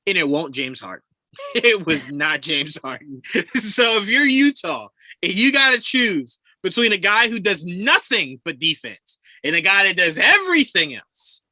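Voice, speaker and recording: A man co-hosting a casual sports podcast over a video call, animated and swearing, laughing as he acts out quotes. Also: sits high, no room sound. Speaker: podcast co-host.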